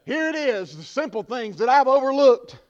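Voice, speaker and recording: A man preaching a sermon, swinging from hushed asides to shouted peaks. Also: very high-pitched, expressive, normal speed. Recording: dull lo-fi recording.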